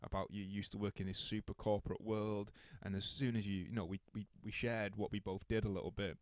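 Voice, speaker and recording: Man, podcast host, low voice, dry close sound, rambling chatty storyteller. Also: fairly quick, dry recording. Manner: rambling, animated storytelling with many restarts. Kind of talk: casual interview chat.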